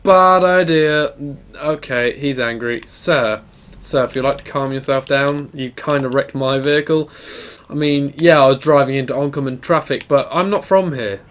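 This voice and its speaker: A young man giving excited, sweary commentary on his gameplay and talking back to game characters. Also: mid-range voice, moderate pace. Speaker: gaming channel host.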